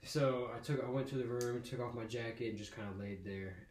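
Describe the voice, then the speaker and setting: A man's voice: mid-range voice, fairly quick, few pauses, darkish tone. A young man telling a long, profane story on a casual podcast. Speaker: podcast host. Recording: echoey room with faint noise.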